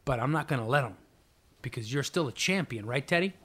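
A man's voice: mid-range voice, lively intonation, fairly quick, pushed and bright. A man performing in an improv comedy scene, giving a frantic, pleading pep talk.

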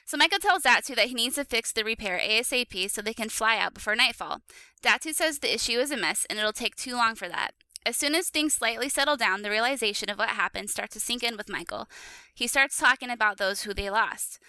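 A woman hosting a podcast, chatting casually and recapping an episode, upbeat and quick to laugh. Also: fairly high pitch, bright, forceful tone, smooth, dry recording. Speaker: podcast host. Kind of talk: casual chat and story recap.

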